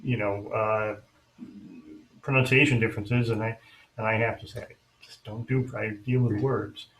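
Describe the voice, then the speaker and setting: A man hosts a casual interview over a video call. He talks in a halting way and often restarts his sentences. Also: fairly low pitch, steady tone, fairly bright tone, rough recording. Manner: hesitant, with repeated restarts. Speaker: host and editor.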